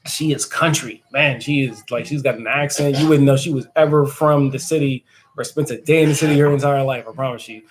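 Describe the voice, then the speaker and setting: A man's voice: medium pitch, fairly even intonation, brisk, a little hiss or hum, rough recording. A man hosting a casual live stream who answers viewer comments and laughs often. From United States. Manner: chatty and joking, laughs often.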